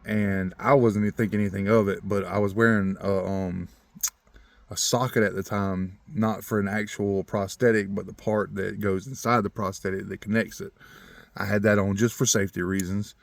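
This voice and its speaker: Man with a lowish voice, earnest and rambling, chuckles a lot, warms up on faith; dry, close recording. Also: normal speed, vocal fry, dry recording. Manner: grows more animated when talking about faith. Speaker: vlogger telling a personal story. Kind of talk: casual storytelling.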